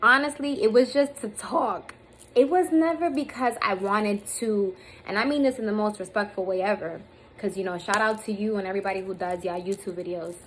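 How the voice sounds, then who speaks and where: This woman in her thirties speaks fairly quickly in a mid-range voice, vlogging heartfelt and casual into a phone or camera held on herself. She rambles with a lot of fillers and is emotional, nearly crying at times. The audio is poor, with a little hiss or hum.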